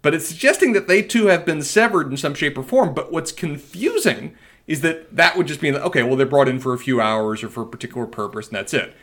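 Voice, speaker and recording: A man's voice: a little high, animated, quick pace, a bit bright. Man musing over theories on a podcast. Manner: wordy, playful analysis. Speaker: podcast co-host. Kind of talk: casual recap chat.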